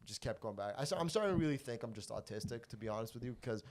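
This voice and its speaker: A man hosting a comedy podcast, telling rambling, profane stories with sudden loud bursts. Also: mid-range voice, animated, rapid-fire, slight background noise. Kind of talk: casual comedy podcast chat.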